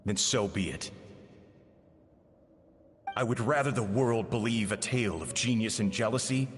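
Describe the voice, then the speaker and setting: Man playing a remorseful game character, low voice, solemn confessional tone, long reverb. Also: natural voice. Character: remorseful man guarding a dead friend's name.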